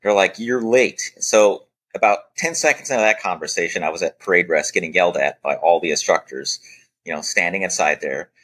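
Low-voiced male guest with a bright, forceful edge, spinning a loose, animated story full of fillers. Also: a little fast, slightly rough. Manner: animated anecdote-telling, acting out quoted dialogue with many "you know" fillers. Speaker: podcast guest, former Air Force special operator. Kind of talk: casual storytelling interview.

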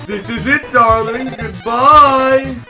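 A man's voice: high-pitched, expressive, measured pace, bright, forceful tone, voice pushed up, exaggerated voice. A man voicing a flamboyant male robot TV host from a video game, melodramatic and gloating, with game music behind. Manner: melodramatic, mock-tragic, gloating. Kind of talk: reading game dialogue aloud in a voice.

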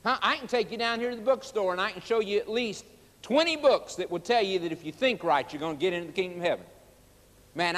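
A man's voice: high-pitched, in a large hall. A male preacher delivering a sermon in an emphatic, folksy manner, addressing the listeners directly.

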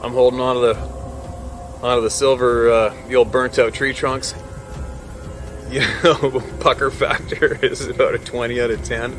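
A man who works as a hunting guide, telling a tense story about a grizzly in a casual, animated way, often laughing and acting out the scene. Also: medium pitch.

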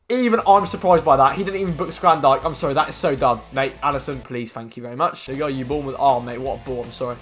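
A young man commenting on his own football video game match, muttering complaints and then shouting at big moments. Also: mid-range voice, fast, few pauses, faint music behind. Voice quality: expressive, with slang and swearing. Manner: swings from mumbled grumbling to screaming at the game. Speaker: gaming commentator.

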